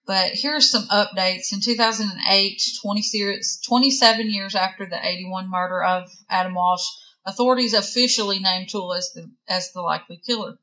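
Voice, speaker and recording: A woman's voice: mid-range voice, steady tone, a little fast, bright, forceful tone, dull audio. A woman co-hosting a true crime podcast, reading facts from notes and chatting, with the hiccups. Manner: reads facts aloud, with hiccups and giggles. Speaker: podcast co-host.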